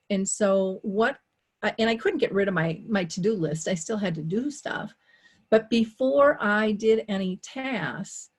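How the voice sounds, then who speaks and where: Animated woman telling a story in an interview. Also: medium pitch. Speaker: dementia care advocate and talk show host, here as a guest.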